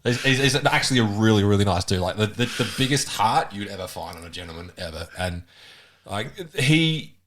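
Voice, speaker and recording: A man's voice: on the low side, brisk. A young Australian man, a podcast guest, telling stories casually and swearing freely. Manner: swears freely, animated storyteller. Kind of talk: casual chat, storytelling.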